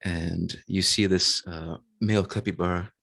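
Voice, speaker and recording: A man narrating as game master of a tabletop role-playing game, slow and descriptive with small hesitations. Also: low voice, fairly even intonation, creaky, fairly bright tone.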